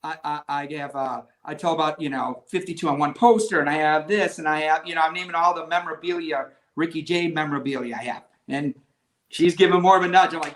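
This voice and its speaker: A magician guest telling a lively story in casual conversation, with many restarts. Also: male voice, on the high side, quick pace.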